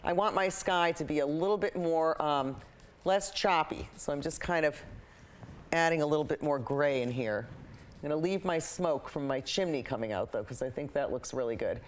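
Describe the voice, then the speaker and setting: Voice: mid-range voice, normal speed, a little hiss or hum. Rambling painting show host chatting away. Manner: rambling, opinionated, heavy on fillers; repeats itself, often restarts sentences. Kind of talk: casual chat while painting.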